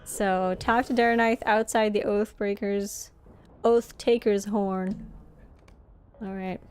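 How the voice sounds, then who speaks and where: A woman's voice: mid-range voice, fairly even intonation, slow, a little mellow, clean tone. A woman from Norway, chatting casually and giggling often while live-streaming a game.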